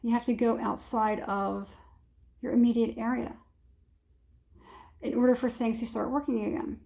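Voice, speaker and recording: A woman's voice: a little high, steady tone, normal speed, gravelly, warm tone. A woman giving a casual tarot reading, rambling and hesitant, with many fillers and frequent chuckles. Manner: chuckles often. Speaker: tarot reader.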